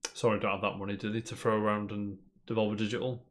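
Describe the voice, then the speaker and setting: A man's voice: on the low side, little pitch movement, fast talker, fairly bright tone. A man co-hosting a casual gaming news podcast, rambling cheerfully and calling his co-host "mate". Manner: chatty, rambling, peppers talk with "mate".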